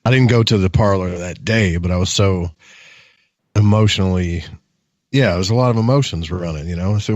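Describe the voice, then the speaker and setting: A man chatting on a radio show, relaxed and reflective. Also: deep voice, a little fast, dry recording, highs cut off. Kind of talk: casual radio chat.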